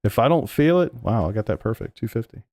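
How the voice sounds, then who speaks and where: A man's voice: mid-range voice, lively intonation, quick pace, darkish tone, dry recording, clean studio sound. A man streaming sim racing live, talking over race replays and arguing back at his chat with plenty of swearing. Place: home sim racing room.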